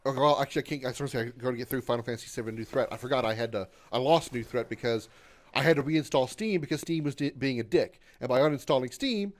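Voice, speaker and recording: A man in his thirties talks loosely to his stream while he plays. He is sarcastic, swears freely, reads viewers' messages aloud, and yelps loudly when his character is in danger. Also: medium pitch, fast talker. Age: 30s. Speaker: gaming livestreamer. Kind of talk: casual gaming stream chat.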